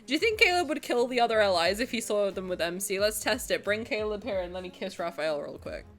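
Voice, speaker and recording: A woman streaming a game, reacting and reading aloud in a playful, sarcastic way, swearing and bursting into shouts. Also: medium pitch, animated, fast talker.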